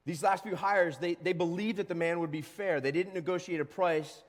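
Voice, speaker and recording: A man preaching a sermon as pastor, animated, acting out short voices and quotes. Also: a little high, fairly quick, hardly any pauses, long reverb tail. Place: church sanctuary.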